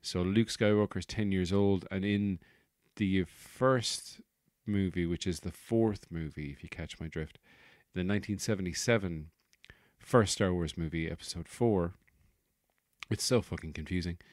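A man's voice: deep voice, measured pace, darkish tone, no echo, clean studio sound. Rambling, sweary comic podcast man. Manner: digressive, self-correcting, sweary. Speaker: podcast host.

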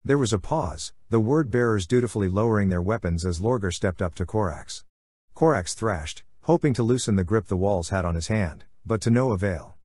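A man with a low voice reads a fan-fiction audiobook aloud. His delivery is steady and measured. The sound is dry and close, with no room around it. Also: no room sound. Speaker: narrator.

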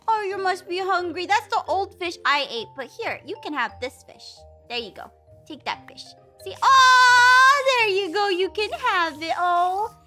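Lady doing a super squeaky giggly mama cat, bouncy voice, music behind. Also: sharp tone, full character voice. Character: playful high-pitched mama cat, mischievous. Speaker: creator and narrator. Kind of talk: Minecraft roleplay. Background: game music.

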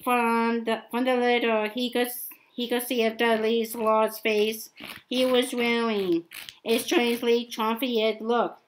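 A woman's voice: fairly high pitch, little pitch movement, takes it slowly, slight background noise, rough recording. A woman reading a novel aloud, stumbling often and repeating words as she goes. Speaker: amateur reader.

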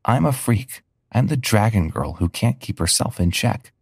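A frightened and upset teenage girl with dragon powers, stammering in distress, as a male storyteller puts her on. The voice is deep, gravelly and husky, in a dry, close-miked reading. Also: expressive, moderate pace, darkish tone, no echo.

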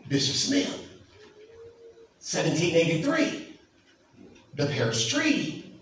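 A pastor preaching a sermon, emphatic and asking the congregation questions. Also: male voice, sits high, very animated, measured pace. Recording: echoey hall from far off, faint noise.

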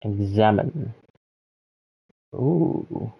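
A man's voice: fairly low pitch, lively intonation, drawn-out words, gravelly, breathy edge, no room sound, highs cut off. A man streaming a video game, reacting casually, swearing now and then, and reading in-game text aloud. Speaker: gaming streamer. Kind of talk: let's play commentary.

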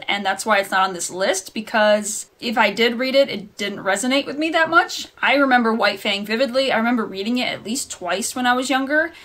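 Chatty young woman, slightly high voice. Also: a bit bright. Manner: chatty, rambling, laughs at herself. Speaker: book vlogger. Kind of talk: casual book review vlog.

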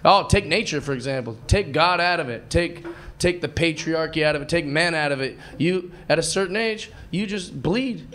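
Male stand-up comic, thirties, high voice, brash and loud, live club recording with crowd noise. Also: expressive, moderate pace. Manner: brash, swinging between shouting punchlines and muttering asides. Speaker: stand-up comedian. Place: comedy club stage with a laughing audience.

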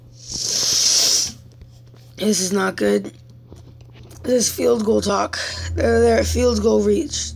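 Gravelly young woman narrating a mobile game. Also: mid-range voice, fairly even intonation, drawn-out words, pauses often. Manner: exasperated, swings from mutters and whispers to yelps and shouts. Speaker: gaming YouTuber. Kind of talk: casual gameplay commentary.

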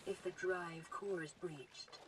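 A synthetic voice as a calm game computer announcer. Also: mid-range voice, noisy background, natural voice. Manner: flat, measured announcements.

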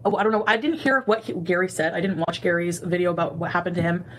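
A woman's voice: lowish voice, steady tone, fast, slight background noise, low-quality recording. A woman hosting a reaction commentary channel, talking in a heated, indignant, blunt way.

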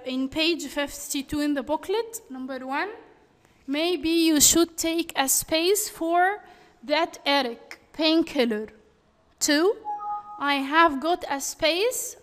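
A woman's voice: sits high, fairly bright tone, big-room sound. A woman teacher reading out workbook exercises and giving the answers. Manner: slow, deliberate reading of answers. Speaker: English teacher.

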